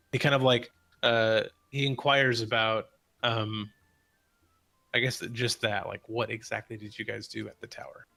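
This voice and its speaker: A man's voice: on the low side, little pitch movement, normal speed, vocal fry, pushed and bright, no room sound, poor audio. A man running a tabletop game as game master, narrating in a casual, rambling way.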